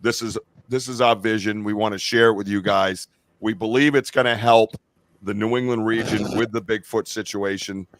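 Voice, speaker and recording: On a remote stream call with no echo, a middle-aged podcast host chats casually in a rambling, profane, enthusiastic way. His voice is on the low side, steady, at a normal speed.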